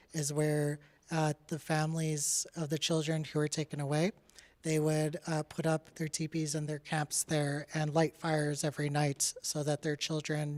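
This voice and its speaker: Presenting their own artwork casually, a young adult artist from Canada speaks in a middle-pitched, slightly mellow voice. They're frank and talkative, leaning heavily on "like" and "uh," and laugh occasionally along the way.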